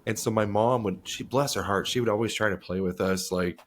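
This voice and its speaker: A lower-pitched man co-hosting a podcast, drifting through rambling stories and slipping into acted-out quotes along the way. Easygoing, casual chat. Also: a little fast. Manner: rambling storyteller, acts out quotes. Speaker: podcast co-host.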